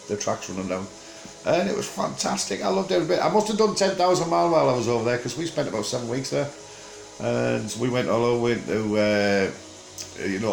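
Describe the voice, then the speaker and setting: Speaking at medium pitch, this older Teesside vlogger from England chats casually to camera in an echoey setting. He rambles and jokes, pausing often with fillers.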